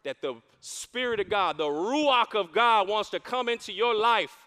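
High, bright-voiced man preaching. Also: a little slow. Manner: animated preaching, repeats key lines for emphasis. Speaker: campus pastor. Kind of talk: sermon. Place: church stage. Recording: long hall reverb in a church.

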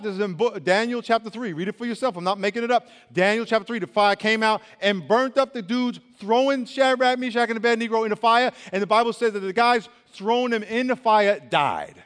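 A young man preaching as a youth pastor, animated and colloquial, swinging between loud and hushed. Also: high-pitched, brisk, hardly any pauses. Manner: colloquial, says y'all. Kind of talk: sermon. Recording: long reverb of a large hall.

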